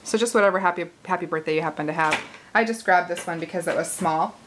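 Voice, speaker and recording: A woman's voice: on the low side, fast talker. Friendly craft host, woman in her forties, talks while she works, light laughs, slight hiss behind. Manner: chatty, laughs easily, thinks aloud while working. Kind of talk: casual card-making tutorial.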